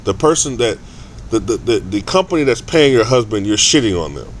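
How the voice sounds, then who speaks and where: A man's voice: lowish voice, big pitch swings, brisk, a little hiss or hum. A man ranting casually in a vlog, profane and rambling, with stammered restarts. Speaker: sports vlogger.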